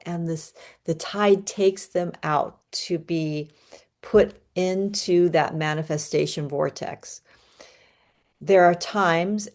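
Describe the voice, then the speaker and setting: A woman giving an astrology reading and guiding a breathing ritual in a calm, soothing, unhurried way. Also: fairly low pitch. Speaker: astrology reader. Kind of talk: guided breathing and astrology talk.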